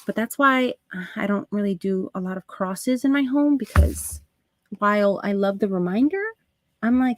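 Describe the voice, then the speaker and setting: A woman hosting a live crafting stream, chatting to her viewers as she works, with soft asides under her breath. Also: mid-range voice, a little slow, no echo. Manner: talks to chat viewers while working, soft asides. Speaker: craft livestream host.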